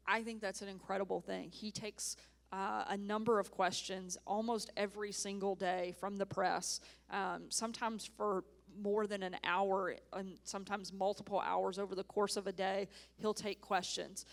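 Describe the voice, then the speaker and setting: Woman, 30s, former press secretary in a stage interview; flat, measured delivery, earnest. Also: mid-range voice. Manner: earnest, emphatic, even-toned. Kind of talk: onstage interview. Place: conference stage.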